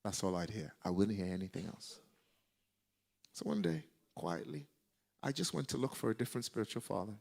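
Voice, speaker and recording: A man preaching a sermon, telling a personal story in an animated way and breaking into shouted exhortations. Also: fairly low pitch, a little fast, gravelly. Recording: live church service.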